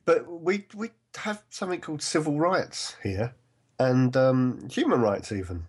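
Wry husky panel guest. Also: male voice, medium pitch, lively intonation, measured pace, darkish tone. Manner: wry, dry humour, opinionated. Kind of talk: casual panel chat.

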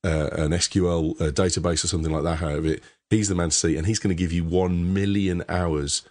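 Low-voiced chatty English podcast host. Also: male voice, fairly even intonation, a little fast, a little mellow. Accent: Birmingham English. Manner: chatty, rambling with many restarts and laughs. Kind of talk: casual tech podcast chat.

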